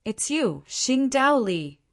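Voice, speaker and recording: A woman's voice: high voice, sing-song, takes it slowly, voice pushed up, heavily acted. Ancient cauldron spirit, read by a woman. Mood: hearty. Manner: hearty, easygoing, commanding.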